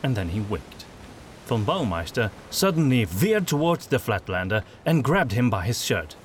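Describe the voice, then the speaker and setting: A man narrating an audiobook in a steady, lively reading style. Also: mid-range voice, normal speed, a little hiss or hum.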